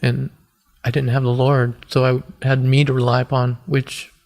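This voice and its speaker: Man, 40s, podcast guest, personal testimony, earnest, halting, very flat delivery. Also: medium pitch, gravelly. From United States. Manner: earnest, halting, with many restarts.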